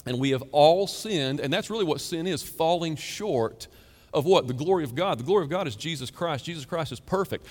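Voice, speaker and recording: A man's voice: fairly high pitch, lively intonation, a little fast, darkish tone. Emphatic preacher man in a reverberant hall. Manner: emphatic, conversational preaching with rhetorical questions. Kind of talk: sermon.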